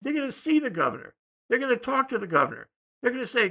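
An older man talks through a casual political discussion in a heavily gravelly, husky voice with a bright edge. He rambles and hesitates, his sentences often fading off quietly. His pitch sits a little high for a man. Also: big pitch swings, fast talker. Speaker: co-host.

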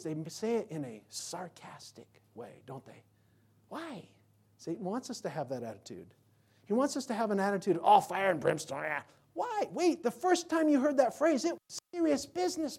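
Male pastor delivering a sermon; emphatic preacher, animated, fond of rhetorical questions. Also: very high-pitched, normal speed, slightly rough. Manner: animated, swinging from loud to quiet.

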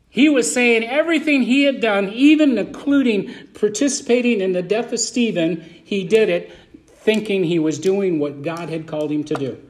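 A man with a high-pitched voice preaches a verse-by-verse sermon. He talks in a colloquial, emphatic way, swinging between loud bursts and quiet asides. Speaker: pastor.

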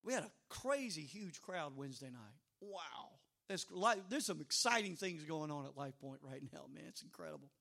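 A middle-aged man preaching as pastor, telling stories with humorous asides and sudden loud outbursts. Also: a little high, very animated, normal speed, gravelly, few pauses. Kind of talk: sermon.

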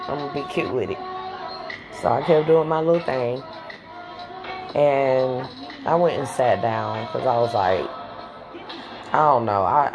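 Woman storyteller, unusually low voice, blunt and candid with casual swearing, music playing behind.

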